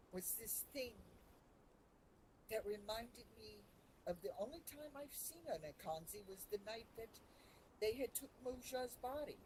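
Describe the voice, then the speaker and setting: A woman telling her character's story in character, emotional and halting, with restarts when feelings rise. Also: mid-range voice, darkish tone, a little hiss or hum, poor audio. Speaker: roleplay player.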